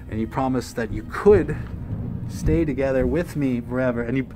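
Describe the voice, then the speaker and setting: A man's voice: mid-range voice, background noise. A man talking in a rambling, emotional personal monologue, full of fillers and swearing. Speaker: musician vlogger.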